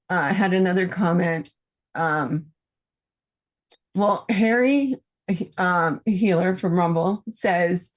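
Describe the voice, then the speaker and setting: A woman calling in, sharing a personal story in an emotional, halting way with many fillers. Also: mid-range voice. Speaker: caller. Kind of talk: casual chat.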